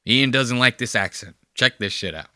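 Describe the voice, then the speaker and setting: A man's voice: medium pitch, moderate pace, sharp tone, dry recording, studio quality. A man hosting a podcast, giving casual reaction commentary in a profane, mocking way. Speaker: podcast host.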